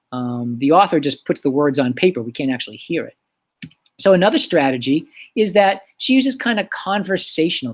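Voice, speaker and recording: A man teaching a recorded lesson, explaining things in a relaxed way with lots of fillers. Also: fairly high pitch.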